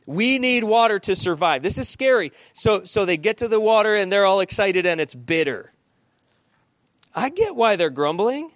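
A man preaching an interactive sermon, animated and often asking his listeners questions. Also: high-pitched, normal speed, no room sound, clean studio sound. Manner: animated, asks the room questions.

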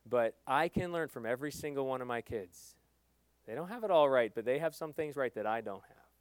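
A middle-aged male pastor preaching with earnest emphasis, swinging between loud stresses and quiet asides. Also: mid-range voice, animated, a little fast, dry recording. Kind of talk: sermon.

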